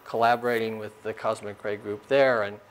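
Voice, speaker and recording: A man in his sixties, raised in Arizona, giving a relaxed lecture about his career, full of fillers and small chuckles. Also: fairly low pitch, a little fast. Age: 60s. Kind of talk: informal lecture. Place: lecture room.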